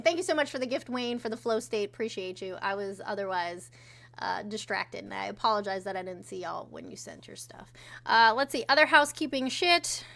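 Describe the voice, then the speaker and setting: Bright-voiced swearing woman co-host. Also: medium pitch, gravelly. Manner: profane, offhand, reads out chat messages. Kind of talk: casual livestream chat.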